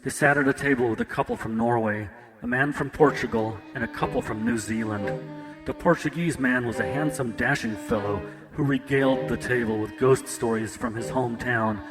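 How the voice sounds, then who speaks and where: A man narrating a scripted story at a middling male pitch, steady and even. His voice carries a long, echoey reverb, and plucked guitar music plays clearly behind him. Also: moderate pace.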